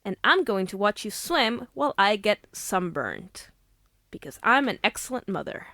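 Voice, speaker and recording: A woman's voice: mid-range voice, very animated, normal speed, sharp tone, no echo, studio quality. A young woman playing a breezy, self-satisfied mother in an improv comedy scene. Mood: smug.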